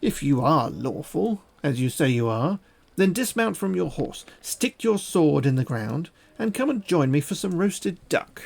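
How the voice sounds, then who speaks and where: A hearty male hunter by a campfire, read aloud by a man, who speaks in formal, old-fashioned phrases. His voice sits slightly high and has a gravelly grain to it. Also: big pitch swings, unhurried, full character voice. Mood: friendly. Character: jovial male hunter hailing a stranger.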